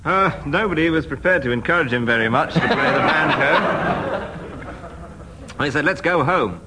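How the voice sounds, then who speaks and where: A man improvising a story as a contestant on a radio comedy panel game, in a slow, unhurried way. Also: a little high, animated. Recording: loud hiss on an old radio recording.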